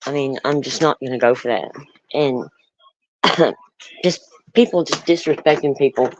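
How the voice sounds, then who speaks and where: A livestream host in casual talk, speaking earnestly and firmly about setting boundaries, halting often with ums and restarts. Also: mid-range voice, slight background noise. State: nervous. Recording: dull lo-fi stream audio.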